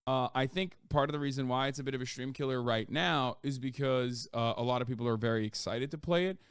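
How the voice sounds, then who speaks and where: Smooth-voiced male streamer, cursing and rambling. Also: fast talker, no room sound, studio quality. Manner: profane, rambling, with sudden loud jumps in pitch. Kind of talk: casual live-stream chat.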